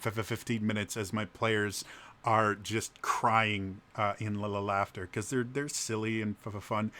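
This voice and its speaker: Casual game master, man, bright tone, heavy stutter on repeated sounds. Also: medium pitch. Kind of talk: casual answers to a video questionnaire.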